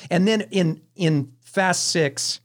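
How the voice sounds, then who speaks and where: A film podcast host with a high voice speaks slowly, telling animated anecdotes in a casual, chatty style and restarting his sentences frequently.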